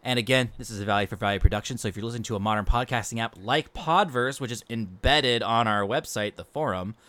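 A man's voice: mid-range voice, fast, fairly bright tone, no room sound. A man co-hosting a casual podcast, talking loosely with many fillers. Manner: rambling, loose, with frequent fillers. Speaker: podcast co-host. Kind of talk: casual chat.

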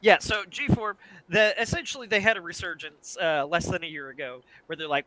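Male co-host, a bit high, bright tone, blunt and sweary. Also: animated, a little fast, no echo, rough recording. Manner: blunt, swearing, hedging asides. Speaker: podcast co-host. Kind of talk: casual chat.

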